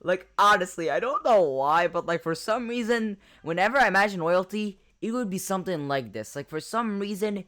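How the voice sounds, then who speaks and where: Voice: medium pitch, expressive, normal speed, hardly any pauses, fairly bright tone. A reaction video host giving casual commentary, rambling with many fillers and corrections.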